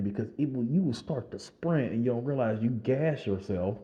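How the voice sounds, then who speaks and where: A man vlogging, telling a lively personal story in casual slang with frequent laughs. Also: medium pitch, normal speed, highs cut off.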